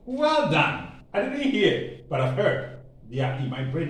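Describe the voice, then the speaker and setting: Ghanaian-accented man, language teacher, fairly high voice, off-mic in a very echoey room. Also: big pitch swings, recorded from a distance. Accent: Ghanaian English. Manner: slow, emphatic drilling with repetition and playful asides. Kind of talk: online language lesson. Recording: very echoey room, voice off-mic, faint ambient noise.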